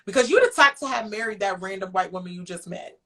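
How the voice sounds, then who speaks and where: A woman co-hosting a podcast, animated and opinionated in casual chat. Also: medium pitch, fast talker. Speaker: podcast co-host.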